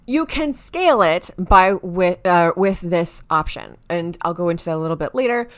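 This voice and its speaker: A woman hosting a marketing explainer video, talking excitedly and sometimes stumbling over her words, with quiet asides. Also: on the low side, normal speed. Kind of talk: enthusiastic to-camera explainer.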